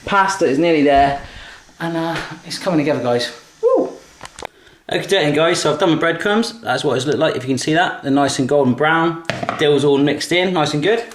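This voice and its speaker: A cheerful English man chats his way through a recipe, calling his viewers guys and letting out loud whoops. His voice sits a little high for a man. It bounces around a roomy kitchen over a faint hiss. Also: a little fast. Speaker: cooking vlogger. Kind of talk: casual cooking demonstration. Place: home kitchen.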